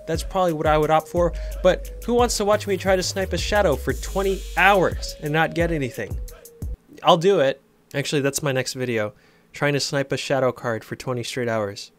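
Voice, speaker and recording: A man giving chatty, excitable commentary on a football video game as a gaming channel host. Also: a little high, moderate pace, faint music behind. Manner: excitable, chatty, cheers on players. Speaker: gaming YouTuber. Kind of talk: casual gameplay commentary.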